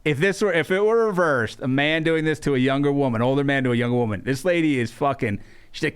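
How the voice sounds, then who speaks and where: A man's voice: fairly high pitch, fast talker, clear, resonant tone. A man co-hosting a podcast, telling stories in casual chat and mimicking the people in them. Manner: animated storytelling, mimics people in quotes. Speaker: podcast co-host.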